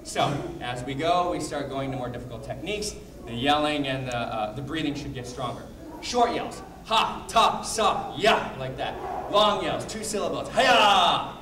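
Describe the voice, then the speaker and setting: Brisk male karate instructor in echoey hall. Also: medium pitch, lively intonation. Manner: brisk coaching with called-out drill counts. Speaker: martial arts instructor. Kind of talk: teaching a training class. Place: martial arts training hall. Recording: echoey hall, distant mic, background noise.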